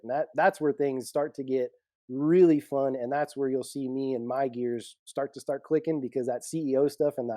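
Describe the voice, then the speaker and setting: Male security pro, casual storyteller, mellow voice, dry sound. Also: medium pitch, dry recording. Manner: animated storyteller, laughs often. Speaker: executive protection guest.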